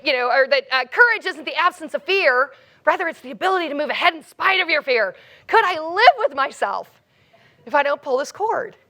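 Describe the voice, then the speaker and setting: A woman keynote speaker telling a funny personal story in an animated, comic way. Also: sits high.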